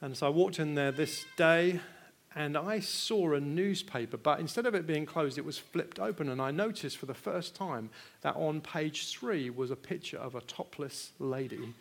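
A British man preaching a sermon in an earnest way, moving from hushed personal storytelling to loud, pressing rhetorical questions and repeating words when stirred. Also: fairly high pitch, normal speed, creaky.

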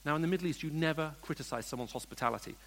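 A man preaching a sermon, slipping from hushed storytelling into emphatic, rising questions put to his listeners. His voice sits a little high for a man, and a long reverb from a large hall trails after each phrase. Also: rapid-fire.

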